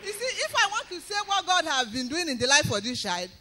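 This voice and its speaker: A woman giving an emphatic spoken testimony in church, breaking into loud praise. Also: very high voice, very animated, fairly quick.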